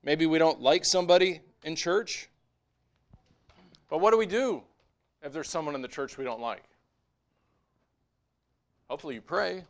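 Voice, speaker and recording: A man preaching a sermon as pastor, moving between quiet conversational asides and raised, emphatic exhortation. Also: on the high side, expressive, moderate pace, pauses often.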